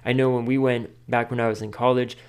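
A man hosting a podcast, giving casual advice in a chatty way, full of "like" and quick laughs. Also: medium pitch, little pitch movement, smooth. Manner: chatty, filler-heavy with frequent "like", laughs often. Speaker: podcast host.

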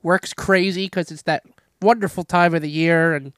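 Stuffy guy with a head cold cohosting, swears a lot, slightly high voice. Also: steady tone, normal speed, clean tone, dry recording, clean studio sound. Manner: blunt, swears casually. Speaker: podcast co-host. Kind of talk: casual chat.

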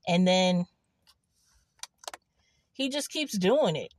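Animated, rambling young woman vlogging. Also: on the low side, drawn-out words. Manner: rambling, animated storytelling with frequent laughs. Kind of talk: casual confessional vlog. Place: in a car in an empty parking lot.

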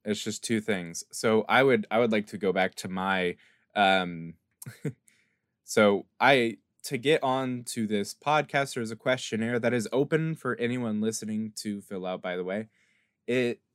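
A man's voice: lowish voice, lively intonation, unhurried, clean tone, dry recording. Earnest rambling podcast man, dry sound. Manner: earnest, rambling with restarts and acted-out quotes. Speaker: podcast co-host. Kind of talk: casual podcast chat.

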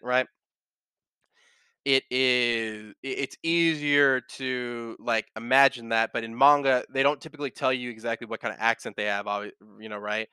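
A man's voice: medium pitch, normal speed, sharp tone, smooth, dry recording. A man hosting a podcast, chatting casually and rambling with frequent restarts and fillers, swearing now and then. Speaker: podcast host. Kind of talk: casual chat.

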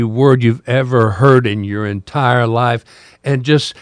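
A man's voice: mid-range voice, steady tone, slow, no echo, clean studio sound. An older man, a podcast host with a talk radio past, casually telling a rambling story with repeated words.

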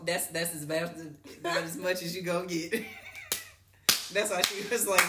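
A woman's voice: lowish voice, fairly even intonation, normal speed, roomy sound, noisy background. A woman co-hosting a podcast, telling a story in a casual, slangy way and laughing often. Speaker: podcast co-host.

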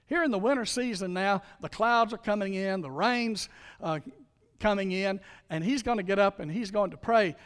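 A male pastor delivers a sermon in a conversational style, tossing out rhetorical questions and sinking to quiet emphasis on key lines. His voice sits on the high side for a man. The sound carries a long reverb, as in a church sanctuary. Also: moderate pace, clean tone.

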